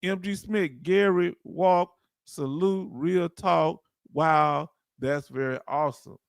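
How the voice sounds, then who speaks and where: High, gravelly Southern man on a livestream. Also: slow, no echo, clean studio sound. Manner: loose, folksy, calls out to viewers. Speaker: livestream host. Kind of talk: casual livestream chat reading comments.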